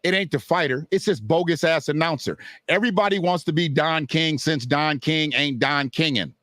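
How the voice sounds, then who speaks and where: A fairly high-voiced man talks through fight clips in a loose, profane way. He replies to viewers as he goes. His voice is dry and close, with no room sound. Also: moderate pace, a bit bright, no echo. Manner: blunt, profane, talks back to chat and clips. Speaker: boxing commentator. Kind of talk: casual video commentary.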